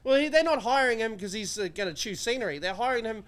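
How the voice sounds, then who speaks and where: A man's voice: high-pitched, expressive, fast, a bit bright. A man with a New Zealand accent, ranting and joking with crude, sweary sarcasm as a podcast co-host. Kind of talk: crude casual banter.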